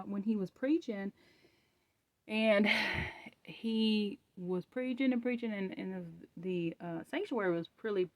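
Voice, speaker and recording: A woman hosting her own channel, sharing a spoken faith testimony in a rambling, animated way with many restarts. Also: mid-range voice, no room sound, highs cut off.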